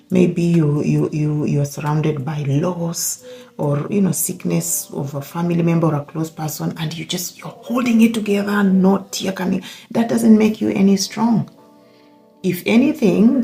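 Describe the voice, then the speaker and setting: A woman's voice: low-pitched, gravelly, warm tone. A woman hosting her own podcast, talking earnestly and reflectively, often restarting words as she thinks. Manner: earnest, emphatic, repeats words while thinking. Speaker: podcast host. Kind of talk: reflective solo talk.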